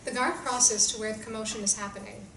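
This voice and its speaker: A woman reading stage directions aloud in a screenplay reading, in a clear, measured way. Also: mid-range voice, steady tone, bright, forceful tone. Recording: roomy distant sound with background noise.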